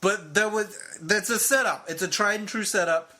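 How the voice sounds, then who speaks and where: A man's voice: high voice, moderate pace, pushed and bright. A man co-hosting a podcast in casual chat, joking and laughing often. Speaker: podcast co-host.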